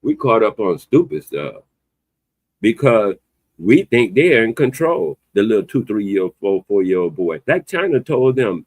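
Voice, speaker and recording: A man talks in a loose, opinionated podcast chat. His low voice swings widely up and down as he drives his points home. The sound is close and dry. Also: unhurried, no room sound. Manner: animated, emphatic, loose conversational delivery with a playful edge. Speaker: podcast host.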